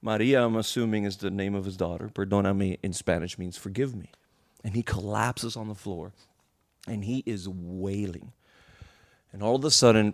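A male preacher telling a story in a sermon, animated and emotional, often restarting his words. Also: lowish voice.

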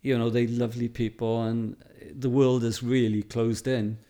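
A man's voice: mid-range voice, little pitch movement, normal speed, mellow. Chatty Welsh man telling stories. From Wales. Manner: chatty, anecdotal, laughs often, many fillers. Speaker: photographer guest. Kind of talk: casual interview chat.

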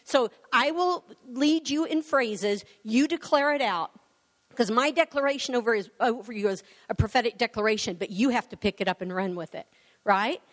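A woman's voice: on the high side, normal speed. A woman pastor preaching a sermon and leading prayer, emphatic and conversational. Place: church sanctuary. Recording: long hall reverb.

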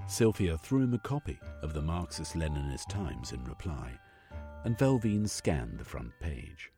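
A man narrating an audiobook story in an expressive, varied way. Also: extremely low pitch, normal speed, husky, no echo, studio quality, faint music behind.

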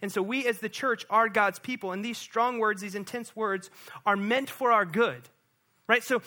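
A male pastor preaches conversationally in a very high, bright, forceful voice, repeatedly checking in with his listeners through "right?" asides.

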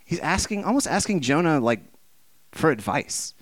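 His voice is sing-song and moves at normal speed, with no room sound on the recording. In an impassioned, conversational sermon, the preacher throws out rhetorical questions and acts out quoted speakers, swinging widely in pitch and volume.

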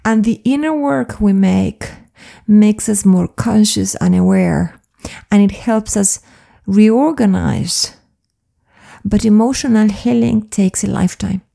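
Woman coach, very gravelly fry, soft and confiding, personal reflection. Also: mid-range voice, takes it slowly. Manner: soft-spoken, earnest and confiding. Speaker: flow coach.

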